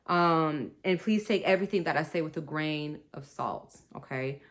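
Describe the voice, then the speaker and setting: A deep-voiced woman hosts a spiritual wellness podcast at a normal pace. Her talk is chatty and meandering, with frequent laughter and plenty of y'all for her listeners.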